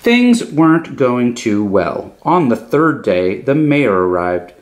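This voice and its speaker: Man, children's storyteller, expressive, lively lilting reading. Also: mid-range voice, slow pace, slight background noise. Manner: expressive, animated. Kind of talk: reading a picture book aloud.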